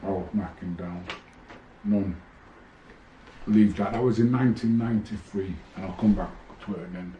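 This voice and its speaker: A man's voice: low voice, normal speed, long pauses, muffled recording, a little hiss or hum. A man, a former boxer bluntly telling stories from his career in a rambling, swearing way. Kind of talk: casual monologue to camera. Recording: echoey room.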